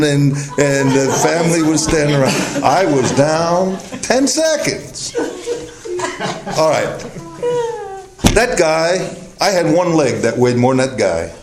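Slow older preacher in an echoey hall. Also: male voice, a little high. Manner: slow, deliberate, storytelling with chuckles. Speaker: pastor. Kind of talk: sermon with personal stories. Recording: echoey hall, faint noise, old tape.

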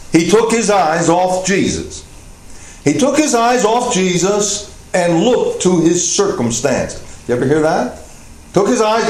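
A man preaching a sermon as pastor, earnest, rising to emphatic points and often pausing with "uh". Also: sits high. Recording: echoey room with faint noise.

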